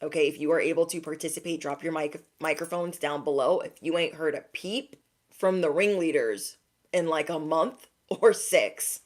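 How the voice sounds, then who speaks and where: A woman's voice: low-pitched, normal speed. A young woman giving a direct-to-camera spiritual pep talk as an intuitive reader, emphatic and slangy, often checking in with "okay?".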